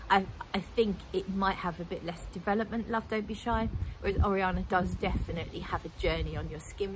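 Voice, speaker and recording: A woman's voice: fairly low pitch, noisy background. A woman, chatting casually and enthusiastically as a fragrance vlogger, rambling a little as she goes. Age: 40s. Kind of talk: casual chat.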